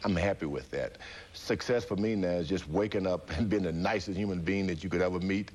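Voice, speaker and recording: Low-voiced man telling his story. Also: brisk, husky. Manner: animated storyteller who acts out quoted voices and laughs often. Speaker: interview guest. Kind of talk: storytelling interview.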